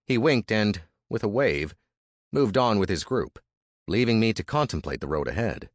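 Deep, lively male storyteller, dry close recording. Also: normal speed, no echo. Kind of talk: first-person audiobook narration.

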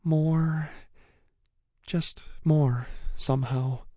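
A man's voice: a little high, fairly even intonation, very slow, dark tone, dry recording, pitched above the performer's own voice. A man voicing an emotional young woman in an audiobook, her words choked and watery as she holds back sobs. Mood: tearful. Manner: tearful, choked, breaking with held-back sobs. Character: young woman, emotional, fierce, loyal friend. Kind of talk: audiobook character voice.

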